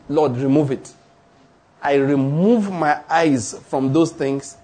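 A man's voice: on the high side, slow, mellow. A man preaching a sermon, emphatic, asking his listeners questions and repeating declarations.

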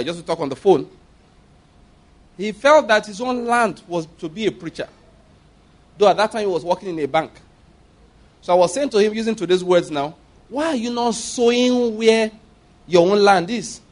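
A Nigerian-accented man delivers a sermon, his fairly high voice animated and fast with frequent pauses. He leans into emphatic storytelling and laughs a lot as he drives his points home.

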